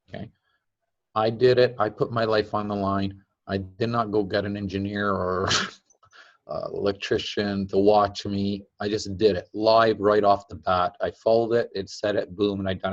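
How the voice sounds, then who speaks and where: A man gives a casual talk as a teacher. His voice sits fairly low and he laughs between points, acting out little quotes. The recording is dull and lo-fi. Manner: chatty, laughs often, acts out quotes. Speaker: teacher of a device-building group. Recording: dull lo-fi sound.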